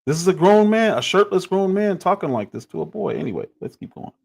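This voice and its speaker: A man's voice: high-pitched, sing-song, brisk, gravelly, darkish tone. Exasperated man commenting on clips. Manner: critical, exasperated, incredulous.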